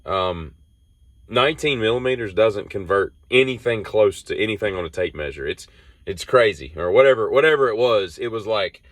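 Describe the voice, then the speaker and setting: Guy rambling thru stories on his own show, lowish voice, dry sound. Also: expressive, moderate pace, no room sound. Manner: meandering, off-the-cuff storytelling. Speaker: host. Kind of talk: rambling solo monologue.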